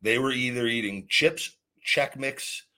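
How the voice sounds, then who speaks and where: A man's voice: mid-range voice, a little slow, bright, forceful tone. A man hosting a call-in podcast, giving blunt, rambling fitness advice in a casual, teasing way. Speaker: podcast host.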